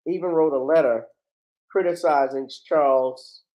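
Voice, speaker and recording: A man's voice: on the high side, measured pace, a little mellow. A man hosting a livestream, giving blunt, indignant commentary and swearing freely. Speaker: livestream host. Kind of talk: heated commentary.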